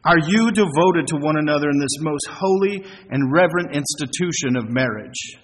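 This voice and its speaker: A middle-aged man preaching a sermon as a pastor, earnest, asking rhetorical questions and slowing down for emphasis. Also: a little high, lively intonation. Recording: long hall reverb, faint noise.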